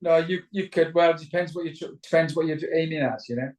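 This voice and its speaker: A man's voice: on the high side, fast talker, darkish tone, echoey room, far from the mic, poor audio. A man with a Welsh accent, a rock singer chatting in a video call interview, rambling and restarting his sentences. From Wales. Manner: chatty, rambling, stammers into restarts, mimics voices.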